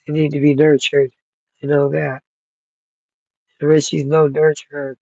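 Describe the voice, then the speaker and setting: High, gravelly man rambling outdoors. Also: monotone, measured pace, mellow, no room sound, highs cut off. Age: 30s. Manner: rambling, swears freely, thinks aloud. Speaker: vlogger. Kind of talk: rambling casual vlog talk. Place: outdoors at night in cold, rainy weather.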